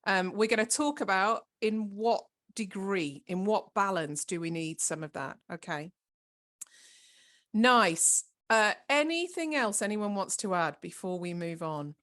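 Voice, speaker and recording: A woman's voice: medium pitch, lively intonation, unhurried, a bit bright. Woman facilitating an online workshop. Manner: encouraging, instructive. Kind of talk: online training session.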